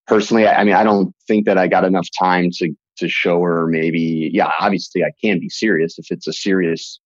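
A young man as a podcast guest, talking in halting, restarting sentences and laughing easily. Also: sits low, steady tone, no room sound, dull audio. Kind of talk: casual interview chat.

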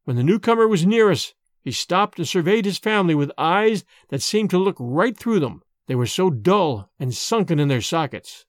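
A man reading an old-fashioned tale aloud, expressive and measured. His voice sits fairly high and rises and falls widely, close and dry on the mic. Faint music plays underneath. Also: no echo. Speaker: narrator. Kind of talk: audiobook narration.

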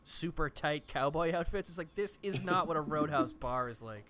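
Guy with a high voice ranting about a movie, swears loads. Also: normal speed, a crowd in the background. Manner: profane, blunt and emphatic. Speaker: podcast co-host. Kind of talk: casual movie review chat.

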